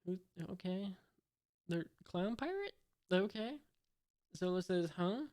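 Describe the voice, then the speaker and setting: Smooth-voiced man musing over a comic. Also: sits high, expressive, slow, darkish tone. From United States. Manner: hesitant, musing, wry asides. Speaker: manga reader, channel host. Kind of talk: reading a comic aloud with commentary.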